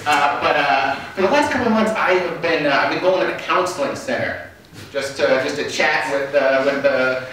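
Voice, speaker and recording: A man's voice: a little high, moderate pace, distant mic. A young man doing a stand-up comedy set, rambling and hesitant, with many fillers, in a small theater. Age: young adult. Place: small black box theater. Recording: roomy hall, mic set back, loud noise. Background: audience laughter.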